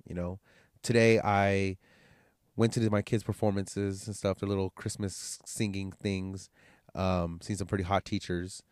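A man's voice: low voice, little pitch movement, unhurried, a little mellow, smooth, no echo, studio quality. A man with a stuffed-up nose from a cold, hosting his podcast in a rambling, profane, candid way. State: congested, nasal from a cold. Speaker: podcast host. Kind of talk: casual solo podcast monologue.

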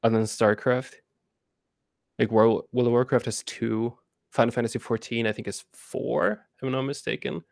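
A man talking as a guest in a casual interview, halting with many restarts and fillers and laughing often. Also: mid-range voice, steady tone, vocal fry, dry recording, studio quality. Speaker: game co-founder guest.

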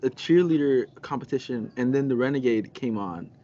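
A man's voice: mid-range voice, lively intonation, moderate pace, dark tone. A man co-hosting a casual podcast, talking hesitantly with many ums and frequent laughs. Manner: hesitant, lots of ums, giggly. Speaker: podcast co-host. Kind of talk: casual chat. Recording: muffled lo-fi audio with faint background noise.

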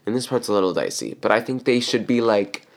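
A young man with a fairly low voice talks in loose, meandering casual chat. He fills his sentences with fillers and states blunt opinions as a podcast co-host. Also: animated, brisk, gravelly.

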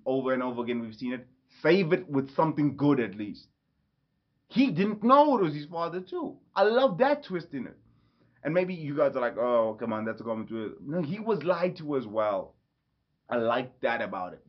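Rambling, enthusiastic man reviewing a movie. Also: a little high. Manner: enthusiastic, rambling, self-correcting. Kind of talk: casual vlog review. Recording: slightly dull lo-fi audio.

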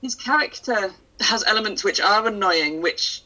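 A woman discussing a film in casual conversation, her voice notably bright and clear. She thinks aloud, stopping and restarting phrases as she works out her point. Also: medium pitch, animated, normal speed, poor audio. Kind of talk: casual chat about a film.

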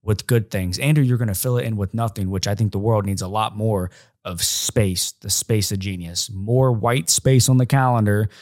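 A man's voice: fairly low pitch, normal speed, darkish tone, no echo, studio quality. A man hosting a casual podcast conversation, asking questions and musing on simplifying life. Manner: reflective, teasing, asks questions.

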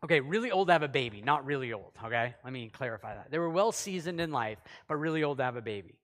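A man preaching a sermon in a conversational way, acting out quotes and swinging between loud and soft. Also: mid-range voice, lively intonation, fast. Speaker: pastor. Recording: long hall reverb.

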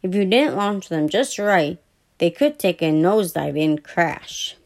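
A woman podcast host reading a children's story aloud, softly and with small stumbles she corrects. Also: lowish voice, animated, unhurried.

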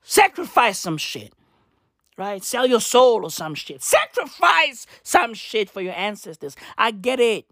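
A woman's voice: fairly high pitch, sing-song, a little slow, a bit bright, no echo, clean studio sound. Ranting woman comedian. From South Africa. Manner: swearing, ranting, keeps tossing in "right?" and "bruv". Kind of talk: profane comedic rant.

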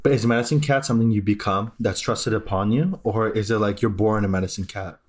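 A man with a fairly low voice, co-hosting a laid-back book podcast. He talks loosely and agreeably, trading thoughts with his co-host and filling his sentences with "like". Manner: easygoing, quick to agree, lots of "like". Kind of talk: casual book-club chat.

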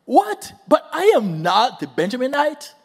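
A man's voice: extremely high pitch, big pitch swings, moderate pace, long reverb tail, pitched above the performer's own voice, heavily acted. A male preacher voicing a bewildered, humble young Saul who cannot believe he was chosen. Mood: incredulous.

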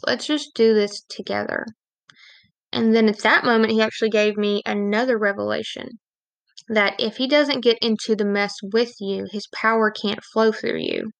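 A woman speaks in a fairly high voice with a gravelly edge, dry and close to the mic. She shares her own testimony as a Christian speaker, candid and confessional. Now and then she pokes fun at herself. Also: fairly bright tone, no room sound. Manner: self-deprecating humor. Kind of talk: devotional testimony talk.

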